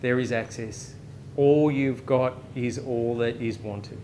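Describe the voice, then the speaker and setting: A man with an Australian accent preaching a casual, joking sermon at a live chapel service, often tossing in a quick "right?" to the crowd. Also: medium pitch, mellow, a little hiss or hum. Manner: conversational, joking, frequent "right?" asides. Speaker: pastor.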